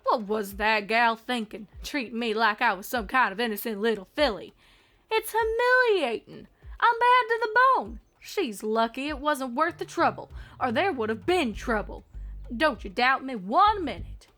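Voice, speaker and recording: A woman's voice: on the high side, sing-song, moderate pace, a bit bright. A woman voicing a young female farm pony who plays at being an outlaw, with a Southern drawl and a grumbling, boastful way of talking, in a fanfic audiobook reading. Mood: grumbling brag. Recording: faint music behind.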